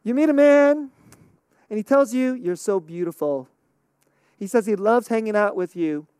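A woman's voice: on the high side, lively intonation, normal speed, warm tone, smooth, no room sound, studio quality. A middle-aged woman pastor preaching a conversational sermon, laughing often and checking in with "okay?".

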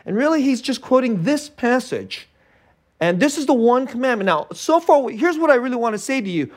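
High-voiced man preaching a sermon. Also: big pitch swings, fairly quick. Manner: conversational, repeats words and restarts, chuckles often. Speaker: pastor.

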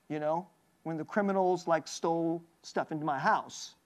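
A pastor giving a sermon, animated, laughing often, asking the audience many questions and acting out quoted voices. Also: medium pitch, measured pace.

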